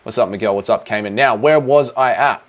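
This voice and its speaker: Australian male streamer, casual and crude, mid-pitched, reads chat aloud. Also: fairly quick. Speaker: streamer host. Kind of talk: livestream chat Q&A.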